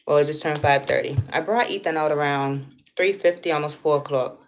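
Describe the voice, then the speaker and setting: A woman's voice: sits low, a little fast, soft background music. A young woman on a livestream telling a story from her day, blunt and profane, with lots of fillers. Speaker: vlogger. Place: indoors at home. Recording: slightly dull lo-fi sound with faint noise.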